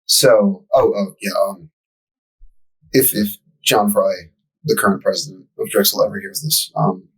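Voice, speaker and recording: A man's voice: on the low side, very animated, measured pace, gravelly, breathy edge, rough recording. A young man telling a profane, ranting story as a podcast co-host in casual chat. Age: young adult.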